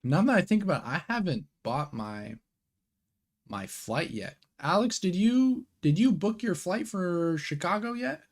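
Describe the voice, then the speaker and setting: A man's voice: a little high, big pitch swings, a little slow. A young man hosting a live card game watch party, chatting casually in slang and answering viewer questions aloud. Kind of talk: casual live-stream chat.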